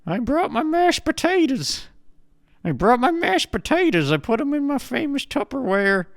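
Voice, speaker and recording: A man voicing a bossy, judgmental old grandmother who nags and swears in a high, squawking voice. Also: sing-song, moderate pace, no room sound, studio quality, full character voice. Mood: nagging.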